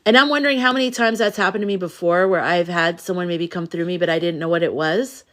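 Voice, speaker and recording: Middle-aged American woman, spiritual live-stream host; low-leaning voice, emotional, loose and chatty. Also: fast, a bit bright. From United States. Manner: rambling, confiding, emotional, many restarts. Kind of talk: casual chat on a live stream.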